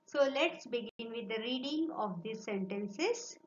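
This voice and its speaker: A woman teacher with an Indian English accent, a Marathi speaker, giving a slow, encouraging online lesson to children and reading sentences aloud for them to repeat. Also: a little high, lively intonation. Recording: echoey lo-fi recording with faint hiss.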